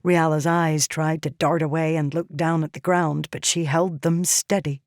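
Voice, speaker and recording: A woman reading a fantasy novel aloud in measured scripted narration. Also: low-pitched, fairly even intonation, no room sound, clean studio sound. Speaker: audiobook narrator.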